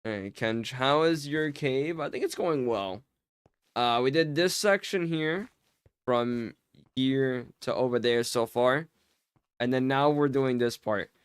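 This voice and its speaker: A man with a smooth, clean voice in a dry, close recording, talking casually to chat while he plays. He teases viewers with mock offense and often stumbles over his words, repeating them as he jokes. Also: mid-range voice, slow, no echo. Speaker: game streamer. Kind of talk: casual live-stream chat while playing.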